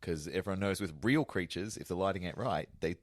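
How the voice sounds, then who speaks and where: A man's voice: sits low, fairly quick, no room sound, clean studio sound. A man, a comedian guest on a podcast, chatting casually and joking. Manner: joking, animated, laughs often.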